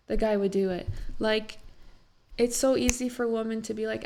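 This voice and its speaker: A young woman rambles through a casual reaction vlog, her voice gravelly with fry. She is still teary after crying and fills her talk with "like.". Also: a little high, level tone, measured pace, slight background noise. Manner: emotional, rambling, many "like" fillers. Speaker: vlogger reacting to a talk show.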